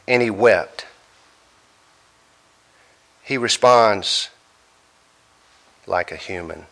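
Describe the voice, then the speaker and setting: Man, preacher, sermon, emphatic, slow, bright forceful tone. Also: medium pitch. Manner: slow, emphatic preaching with dramatic pauses and quoted scripture.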